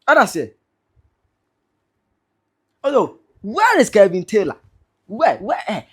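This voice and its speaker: Ghanaian woman, online commentator, excitable and mocking, very expressive delivery. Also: mid-range voice, takes it slowly, husky. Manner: excitable, teasing, reads out viewer comments. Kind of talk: animated commentary vlog.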